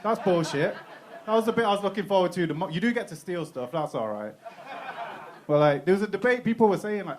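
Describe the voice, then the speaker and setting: A man's voice: sits high, animated, fast, slight background noise. A young British man performing a stand-up comedy set in a club, talking casually, swearing freely and laughing at his own jokes. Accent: British English.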